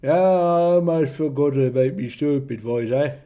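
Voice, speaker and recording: A man doing a loud big brute. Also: mid-range voice, moderate pace, voice pushed down, lightly acted. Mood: bluff. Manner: loud, ends lines with a questioning "eh". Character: big strong dim-witted male brute.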